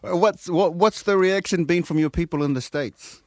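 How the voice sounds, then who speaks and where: A man with a New Zealand accent hosting a radio interview, playful and mock-earnest with deadpan jokes. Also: high voice, normal speed, dry recording. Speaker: radio host. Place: radio studio. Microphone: studio microphone.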